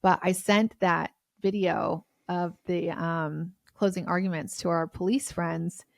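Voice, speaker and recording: Gravelly low-voiced woman, blunt podcast co-host. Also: fairly even intonation, measured pace, no echo, clean studio sound. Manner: blunt and chatty, swears freely. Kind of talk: casual true-crime chat.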